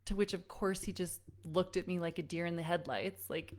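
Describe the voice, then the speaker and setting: A woman's voice: fairly low pitch, steady tone, moderate pace, a little mellow. A woman parenting coach giving a live online workshop. She speaks straight to her listeners and calls them friends, telling stories conversationally with frequent "like"s.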